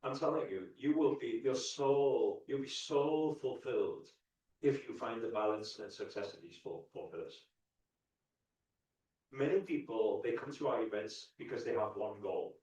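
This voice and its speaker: A man giving an animated, repetitive motivational talk to a live audience, chuckling often. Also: mid-range voice, moderate pace. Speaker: spiritual coach. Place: large event ballroom. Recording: echoey dull hall sound from far off.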